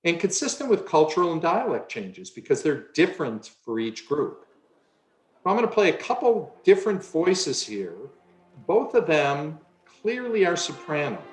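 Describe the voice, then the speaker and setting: A man's voice: fairly high pitch, reverberant. A man giving a conference lecture on the voice, now and then changing his own voice to show a point.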